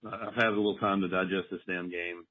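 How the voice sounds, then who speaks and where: Male caller, quick crude venting, dull lo-fi line. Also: sits low, steady tone. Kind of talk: ranting voicemail.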